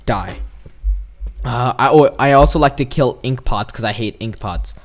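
A man commentating his own horror game run, talking straight to his viewers. He is jumpy and excitable, breaking into startled yelps, and his pitch sits in an ordinary middle range. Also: normal speed. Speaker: gaming video host. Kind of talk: let's play commentary.

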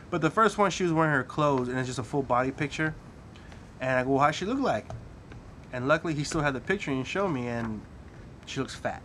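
A man's voice: medium pitch, lively intonation, fast talker, a bit bright, slight background noise. Laughing, foul-mouthed man telling a story. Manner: crude, profane storytelling with frequent laughter. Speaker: podcast guest or host telling a story. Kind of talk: casual chat.

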